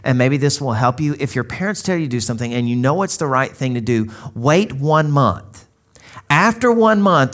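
A man's voice: medium pitch, fairly bright tone. A man from Arkansas in his thirties, preaching a sermon in a conversational, storytelling way and acting out quoted dialogue. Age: 30s. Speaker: pastor.

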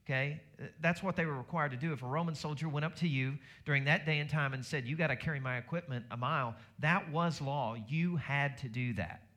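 A middle-aged male pastor preaching a sermon in a conversational way, rising in pitch and volume to make his points. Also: brisk, a bit bright.

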